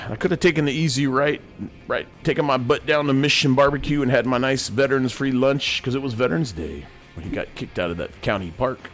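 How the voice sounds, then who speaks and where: Playing a sergeant major persona, a middle-aged man hosts a rambling, folksy monologue from his home studio, speaking fairly quickly at a medium pitch. He keeps addressing listeners as "friends," with faint music playing behind him.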